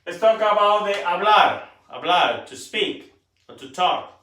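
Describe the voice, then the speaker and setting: Teacher with a bright echoey voice. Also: male voice, high-pitched, animated, unhurried, distant mic. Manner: broken English with Spanish words spoken natively. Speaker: Spanish teacher. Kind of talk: classroom lesson. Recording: echoey room, voice from off mic.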